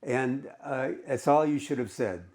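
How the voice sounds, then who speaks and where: A man's voice: mid-range voice, measured pace, a little mellow, close to an everyday voice. A proud old man who huffs and bristles whenever his dignity is challenged, with a stiff and pompous manner, as a man reading aloud puts him on. The delivery is a plain classroom reading. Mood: huffy. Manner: huffy, pompous. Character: proud, grumpy old man on a park bench.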